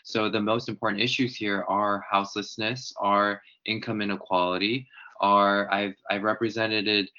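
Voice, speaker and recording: A man speaking as a podcast guest, earnestly explaining local issues in a measured way. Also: lowish voice, little pitch movement, pushed and bright. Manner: measured, explanatory, uses organizer terms. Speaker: political guest, former congressional candidate. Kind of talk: earnest policy talk on a podcast. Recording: dull lo-fi sound.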